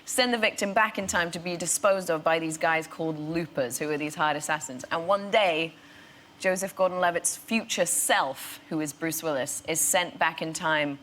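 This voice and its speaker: Bright-voiced woman telling a story. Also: sits low, moderate pace, a little hiss or hum. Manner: laughing, animated storyteller. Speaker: actress, chat show guest. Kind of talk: chat show anecdote. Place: TV studio with audience.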